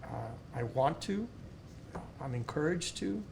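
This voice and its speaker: This is a man, speaking as a guest in a relaxed interview. His voice sits a bit high and has a gravelly edge. He talks earnestly and repeats words as he restarts, with a light rumble behind him. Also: a little slow. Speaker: guest, pharmacy owner and school board member. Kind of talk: casual interview chat.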